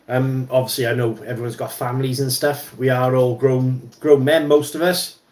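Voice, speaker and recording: A man's voice: medium pitch, little pitch movement, moderate pace, darkish tone. Chatty man in a roomy space. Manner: rambling, many ums and restarts. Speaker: livestream host. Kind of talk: casual chat while wrenching.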